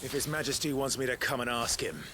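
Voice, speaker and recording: A man's voice: mid-range voice, quick pace, background noise, natural voice. An actor playing a determined male warrior hero who speaks curtly and resolutely, in video game audio. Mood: tense. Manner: curt and resolute. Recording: game audio over loud score.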